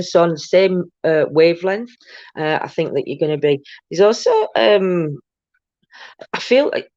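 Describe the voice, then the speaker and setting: Older woman, lowish voice, tired chatty tarot host, dry slightly muffled sound. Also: a little mellow, dry recording. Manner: chatty, greets viewers by name, many ums. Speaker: tarot reader and live-stream host. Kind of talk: casual live-stream chat and tarot reading.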